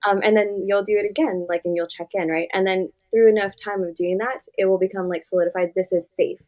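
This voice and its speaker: A woman's voice: medium pitch, fairly even intonation, brisk, muffled recording. A woman therapist talking as a podcast guest, giving direct, earnest advice and often saying "like". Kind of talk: podcast interview conversation.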